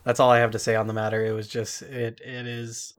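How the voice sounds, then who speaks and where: A man's voice: medium pitch, completely flat delivery, fairly quick. A man co-hosting a podcast, rambling enthusiastically with lots of restarts as he chats. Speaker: podcast co-host. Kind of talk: casual chat.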